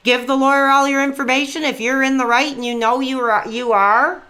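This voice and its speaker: A man hosting a call-in livestream, talking in an excitable way, repeating himself and swapping in mild stand-in swears. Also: extremely high pitch, brisk. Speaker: livestream host taking calls. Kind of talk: hyped call-in livestream chat.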